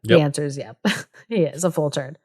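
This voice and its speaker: A woman's voice: low voice, expressive, moderate pace, a little mellow, breathy edge. A young woman co-hosting a podcast, casually retelling a play in a chatty way, full of "like", and acting out the characters' lines as she goes. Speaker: podcast co-host.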